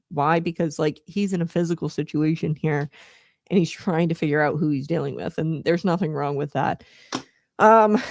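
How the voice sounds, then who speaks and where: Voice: medium pitch, no echo, studio quality. A host giving casual political commentary, rambling with many fillers. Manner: rambling, filler-heavy, laughs often.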